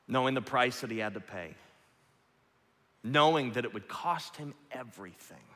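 A man preaching a sermon, moving between loud, impassioned peaks and quiet, hushed passages. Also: mid-range voice, expressive, normal speed. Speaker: pastor. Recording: long reverb of a large hall.

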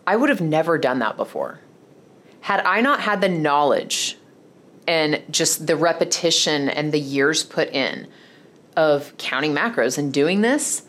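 A woman's voice: deep voice, a bit bright. A woman hosting a solo podcast, talking candidly and bluntly, with plenty of swearing and restarts. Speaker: podcast host. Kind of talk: casual solo podcast monologue.

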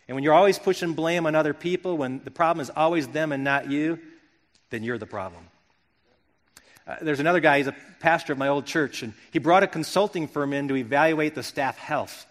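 A middle-aged pastor from Wisconsin speaks a little fast as he preaches, sincere and reflective, often circling back to rephrase from the start. His fairly bright voice sits a little high for a man, and a long reverb hangs in the air as if in a large hall.

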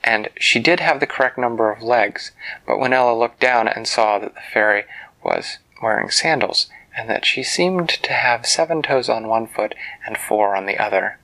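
Gravelly man telling a bedtime story. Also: medium pitch, bright, forceful tone. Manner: slow, musing, often drops to a whisper.

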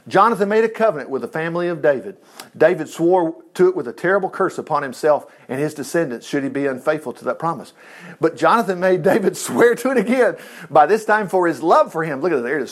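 A man teaching from the Bible in an informal, animated way, full of chatty asides and chuckles. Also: on the high side, brisk.

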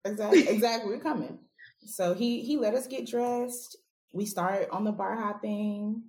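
A woman's voice: mid-range voice, moderate pace, a little mellow. A woman guest telling a story in a casual, laughing way on a podcast. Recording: roomy echo.

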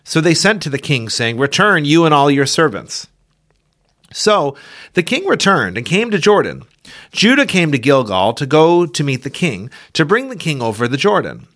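A man reading scripture aloud for a church podcast, giving the quoted speech a raised, expressive delivery. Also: a little high, normal speed. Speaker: Bible reader.

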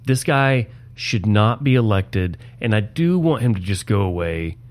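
A man's voice: lowish voice, animated, measured pace. A man co-hosting a political podcast in a studio, talking with wry, sarcastic asides. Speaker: podcast co-host.

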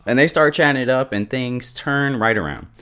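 A man casually recapping a TV episode beat by beat, chatty and quick to joke and laugh. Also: medium pitch, animated, sharp tone, clean tone. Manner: chatty, laughs often, quips. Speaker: show reviewer.

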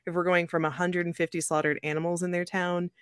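A young adult woman hosting a podcast, telling a story in a lively, joking way and laughing often. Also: on the low side, fast, clear, resonant tone, no room sound, studio quality. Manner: animated, jokey, laughs often. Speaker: podcast host. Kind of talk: casual storytelling chat.

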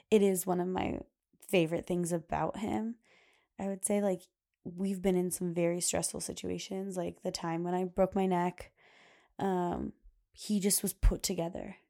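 A woman's voice: lowish voice, mellow. A young adult woman hosting a podcast, talking casually and chattily with lots of fillers and frequent laughs. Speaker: podcast host. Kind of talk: casual solo podcast talk.

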